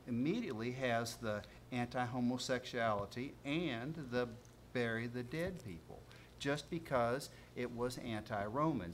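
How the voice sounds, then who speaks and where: Rambling man with halting speech. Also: mid-range voice. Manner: halting, many fillers and restarts, rambling. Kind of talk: casual panel chat over dinner. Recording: faint room noise, live stream.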